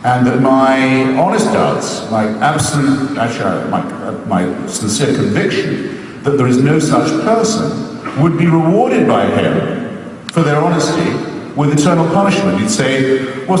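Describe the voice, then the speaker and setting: A man's voice: medium pitch, sing-song, a little slow. Wry man speaking in an echoey hall. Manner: wry, ironic, teasing the audience. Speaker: public speaker. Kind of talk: lecture-hall talk with audience. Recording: echoey hall, mic far off, faint noise.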